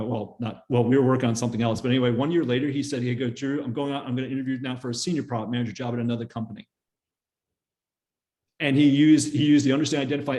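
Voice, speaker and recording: A middle-aged man speaks quickly in a relaxed lecture voice, spinning anecdotes with plenty of fillers. His pitch sits in an ordinary male middle range as he moves through his slides. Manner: fast, chatty storytelling with fillers and laughs. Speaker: guest speaker teaching interview skills.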